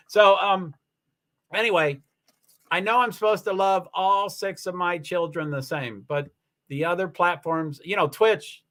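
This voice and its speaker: High, bright-voiced man rambling on a livestream. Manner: rambling, chatty, with many fillers and restarts. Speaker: livestream host. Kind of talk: casual livestream chat.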